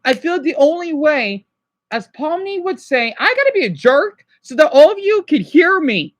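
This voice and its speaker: A man's voice: very high-pitched, sing-song, normal speed, a bit bright. A man ranting at his livestream chat, agitated and exasperated, scolding and sighing with tiredness.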